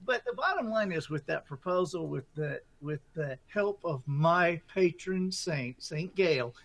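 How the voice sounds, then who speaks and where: A middle-aged man telling a story as a guest author, lively and acting out his own inner voices. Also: fairly high pitch, unhurried. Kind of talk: animated storytelling.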